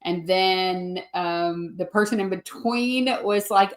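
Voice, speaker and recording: A woman's voice: on the low side, takes it slowly. A woman from Kentucky cohosting a comedy podcast, chatting casually and laughing through her stories. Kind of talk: casual chat, storytelling.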